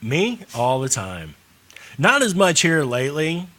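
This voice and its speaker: Lively man with a slight Southern drawl. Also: fairly high pitch, unhurried. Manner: animated, jokey, profane. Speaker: podcast co-host. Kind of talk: casual chat.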